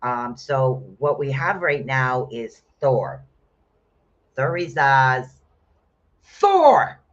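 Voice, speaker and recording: A man giving casual rune readings on a live stream, chatting with viewers and bursting into loud exclamations. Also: mid-range voice, slow pace. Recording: dull lo-fi stream audio.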